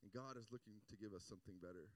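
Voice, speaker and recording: A male pastor preaching a sermon, telling a story with repeated phrases and rising rhetorical questions, going quiet for the quoted lines. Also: lowish voice, rapid-fire, recorded from a distance.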